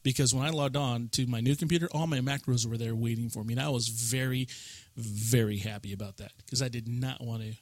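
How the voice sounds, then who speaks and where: A man's voice: medium pitch, fairly even intonation, brisk, dry recording. A man co-hosting a casual gaming podcast in a studio, chatting in a rambling way. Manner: chatty, rambling gamer talk. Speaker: podcast co-host. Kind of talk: casual chat.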